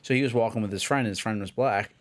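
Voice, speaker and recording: A man, co-hosting a podcast and telling a long, rambling anecdote in casual chat, acting out the shouting of people in his story. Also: lowish voice, fast talker. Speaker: podcast co-host.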